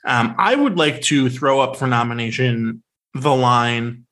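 A man co-hosting a podcast in casual film talk, sarcastic and animated, with many fillers. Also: mid-range voice, measured pace. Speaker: podcast co-host.

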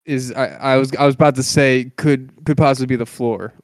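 A man's voice: medium pitch, brisk, gravelly, no echo. A young man co-hosting a podcast, rambling casually about football and hedging with "like" and "I mean". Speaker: podcast co-host. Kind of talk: casual sports chat.

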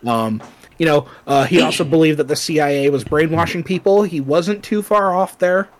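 A man with a somewhat high voice co-hosts a relaxed podcast. He talks in a chatty, loose way, full of fillers and little asides, and now and then reads from his notes. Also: normal speed. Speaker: podcast co-host. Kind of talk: casual chat, reading notes.

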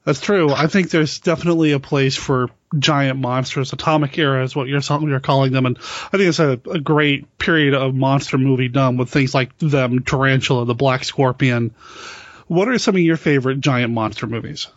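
A man's voice: mid-range voice, normal speed, no room sound. A man hosting a podcast, asking questions in an upbeat, friendly way. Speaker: podcast host. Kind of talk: casual interview chat. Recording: dry, dull lo-fi audio.

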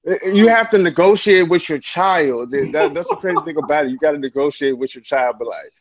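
A man's voice: on the high side, brisk, a crowd in the background, poor audio. A young man chatting as a podcast guest about fatherhood, loose and laid-back, laughing often and acting out what people said. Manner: animated storyteller who acts out quotes in a raised voice. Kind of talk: casual interview chat.

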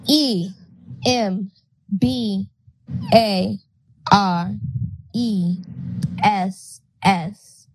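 A young woman playing a spelling game in casual chat, teasing and loud. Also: medium pitch, fairly even intonation, drawn-out words, pauses often.

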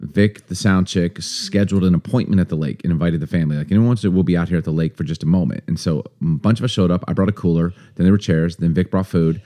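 A man's voice: low-pitched, fairly even intonation, fast talker, hardly any pauses, warm tone. A man co-hosting a podcast in casual chat, joking and teasing his co-host. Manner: joking, teasing, laughs often.

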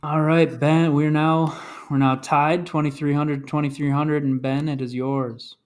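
A man's voice: on the high side, level tone, unhurried, smooth. A man hosting a casual podcast trivia game, reading clues and announcing scores.

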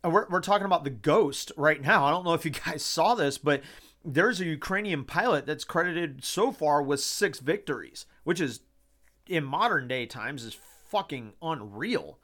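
A man hosts his own talk show, speaking in a fairly high voice. He rants with passion, swears freely and circles back over the same phrases. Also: expressive, moderate pace, a bit bright. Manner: impassioned, swearing, repeats himself. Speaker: podcast host. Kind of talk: casual opinion talk.

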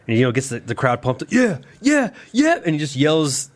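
A man co-hosting a podcast, chatting casually and cheering his guest on with enthusiasm. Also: mid-range voice. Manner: enthusiastic, reacts with quick cheers. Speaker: podcast co-host. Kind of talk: casual chat.

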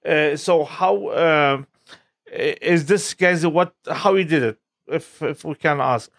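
Halting man interviewer, slightly high voice. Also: creaky, a bit bright, no echo. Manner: halting, restarts, non-native grammar. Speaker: interviewer host. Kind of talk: interview questions.

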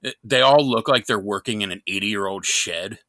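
A man's voice: on the low side, moderate pace, bright, forceful tone, no echo, clean studio sound. A man from New York, co-hosting a podcast in casual, joking, rambling chat with plenty of swearing. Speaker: podcast co-host.

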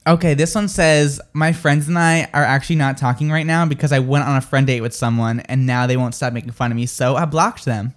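A man hosting a morning radio show, animated and laughing as he reads listener texts aloud. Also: medium pitch, fairly quick, hardly any pauses. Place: radio studio.

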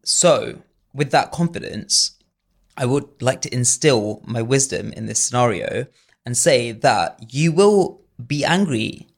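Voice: medium pitch, lively intonation, measured pace, gravelly. A guest on a podcast, speaking earnestly and emphatically in a conversational interview.

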